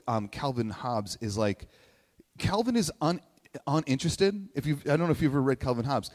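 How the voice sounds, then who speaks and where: A man telling a personal story in a sermon, chatty and animated, acting out quotes in playful voices. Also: on the high side. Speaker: speaker giving a message to a congregation. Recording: long hall reverb.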